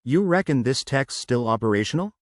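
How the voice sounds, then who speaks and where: A quiet, gruff male rebel from a spoken sci-fi story, terse and blunt when he speaks, as the narrator voices him. The sound is close and dry. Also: medium pitch, animated, fairly quick, no echo, close to an everyday voice.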